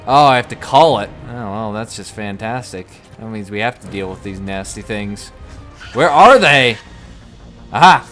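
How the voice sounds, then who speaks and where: A man's voice: fairly low pitch, steady tone, moderate pace, hardly any pauses, soft background music. Chatty man commenting on a game. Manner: chatty, shouts and yelps when startled. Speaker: gamer playing through a game. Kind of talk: casual let's-play commentary.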